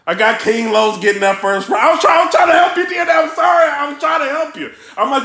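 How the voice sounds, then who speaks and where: A young man reacts to a rap battle at full volume, shouting and repeating himself. His voice is very high, bright and gravelly. He records in a room with a lot of echo. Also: fast talker, few pauses. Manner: hyped, yelling and repeating himself. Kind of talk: excitable reaction commentary. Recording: echoey room.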